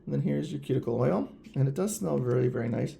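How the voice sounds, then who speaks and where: Gravelly man gushing over polish. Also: medium pitch, lively intonation, fast talker, dark tone, a little hiss or hum. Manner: gushing, chatty, addresses viewers directly. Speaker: nail polish reviewer. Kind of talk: casual product review vlog.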